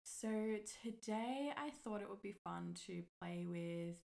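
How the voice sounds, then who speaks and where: A woman hosting her own podcast in a relaxed, chatty way, her voice husky from the morning. She swears casually and laughs often. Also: medium pitch, unhurried, poor audio. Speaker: podcast host. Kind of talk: casual solo podcast chat.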